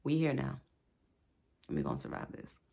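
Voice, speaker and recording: A woman's voice: very deep voice, very animated, moderate pace, creaky, mellow. A woman hosting a spiritual wellness talk, chatting casually with her viewers and laughing often. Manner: chatty, laughs often, repeats "okay", speaks to viewers directly. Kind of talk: casual spoken advice.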